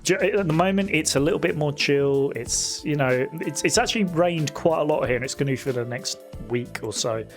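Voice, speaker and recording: Chatty London man, higher voice. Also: faint music behind. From England. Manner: laughing, chatty, drawn-out asides. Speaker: co-host. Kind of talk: casual chat.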